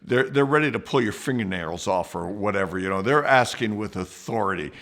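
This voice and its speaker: A man hosting a podcast, telling a personal story in a lively way, with restarts and acted-out quotes. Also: fairly low pitch, a little fast.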